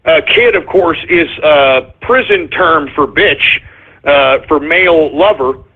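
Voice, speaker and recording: A man hosting his own radio show, ranting in an agitated way, repeating himself and breaking into shouts. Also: fairly high pitch, slow, slightly rough. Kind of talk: ranting call-in radio monologue. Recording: phone-line quality broadcast.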